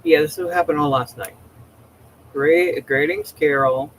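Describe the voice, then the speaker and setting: A man's voice: a little high, normal speed, slight background noise, low-quality recording. A man hosting a casual livestream, rambling and chatty with many restarts, talking from home. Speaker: livestream host.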